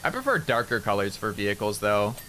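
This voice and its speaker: Man, game streamer, rambling casual chat, lively swinging pitch, bright tone, swears casually. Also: brisk, slight background noise. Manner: coos at cats in a high voice. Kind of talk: casual gaming livestream chat.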